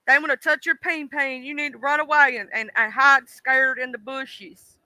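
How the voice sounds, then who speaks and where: A high-voiced woman hosts a casual livestream and talks straight to her chat. Her voice is very bright and crisp, and she is blunt and exclaiming. The sound is dry and close, with almost no room around it. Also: no room sound. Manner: animated, blunt and exclaiming, quick to voice disgust. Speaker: livestream host.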